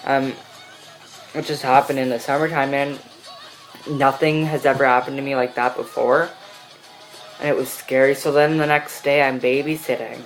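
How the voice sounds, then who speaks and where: A man's voice: medium pitch, level tone, moderate pace, pauses often, faint music behind, low-quality recording. A teenage boy telling a personal story in a casual vlog, rambling with many fillers. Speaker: vlogger.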